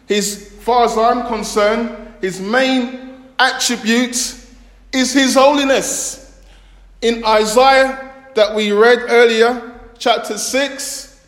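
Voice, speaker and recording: A man preaching a sermon in a church, speaking slowly and deliberately and stressing his points through repetition. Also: extremely high pitch. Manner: slow, deliberate delivery with emphatic repetition. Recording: echoey church hall with long reverb.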